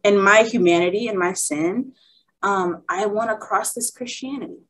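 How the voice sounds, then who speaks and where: A woman's voice: mid-range voice, normal speed, a bit bright, husky, low-quality recording. A young woman speaking at a women's workshop, sharing an emotional personal testimony in a heartfelt, candid way.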